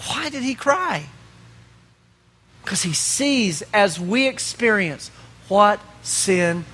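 A man preaching a sermon as pastor, asking rhetorical questions and pausing for effect. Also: high voice, lively intonation, sharp tone, slightly rough.

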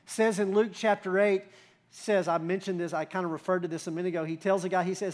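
Pastor, male, higher-pitched voice; conversational sermon, rhetorical questions, builds to emphasis. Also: steady tone, fast.

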